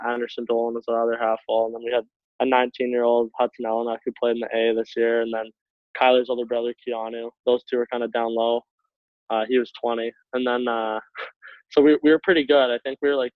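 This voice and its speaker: A young man from Canada tells stories in a relaxed, chatty way, often laughing between words. His voice comes through a tinny, phone-like call line with a dry, close sound and a middle pitch. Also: no room sound. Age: young adult. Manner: laughs often while telling stories, relaxed, filler-heavy. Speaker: guest, hockey player. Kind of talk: casual storytelling. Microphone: call over internet.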